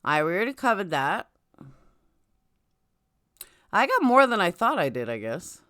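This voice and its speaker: Speaking from indoors at home, a middle-aged woman with a New York accent runs a chatty livestream, blunt and quick to change subjects. Her medium-pitched voice has a sing-song lilt, a moderate pace, and a fairly bright tone.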